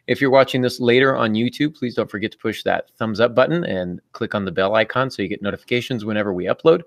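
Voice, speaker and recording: A man's voice: lowish voice, fast talker, gravelly, no echo, clean studio sound. A man in his thirties hosting a writing podcast in a casual, joking chat full of fillers. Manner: chatty, joking, many fillers. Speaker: podcast host.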